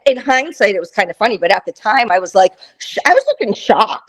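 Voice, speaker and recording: A woman in her fifties, a guest, telling a travel story in casual chat, animated and laughing, acting out the voices of people in it. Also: mid-range voice, fairly quick, poor audio. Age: 50s.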